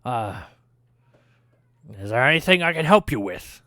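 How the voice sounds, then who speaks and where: Casting: a man playing a jolly dwarf blacksmith, loud and raised in pitch, bright tone. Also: sing-song, a little slow, no room sound, clean studio sound. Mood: hearty. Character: jovial male dwarf smith, hearty and helpful.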